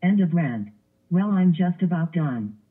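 A man's voice: fairly high pitch, lively intonation, a little slow, breathy edge. A male computer voice playing a spiteful green Grinch with a whiny, repetitive ranting manner, over tinny lo-fi sound.

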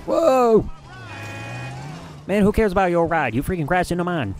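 A man from Michigan giving excitable, mildly profane commentary while live streaming a video game. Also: high voice, fast. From Michigan, USA. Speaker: gaming streamer. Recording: game noise underneath. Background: game sounds.

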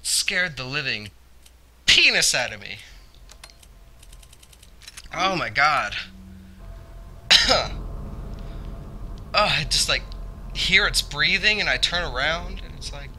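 A man's voice: fairly high pitch, expressive, slow, long pauses, pushed and bright, slight background noise. A young man hosting a let's play, talking through the game and yelping and repeating himself when something startles him. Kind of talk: gameplay commentary.

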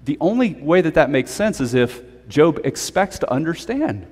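Animated male pastor in a reverberant sanctuary. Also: on the high side, moderate pace, breathy edge. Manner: conversational and animated, with playful asides. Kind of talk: sermon. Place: church sanctuary.

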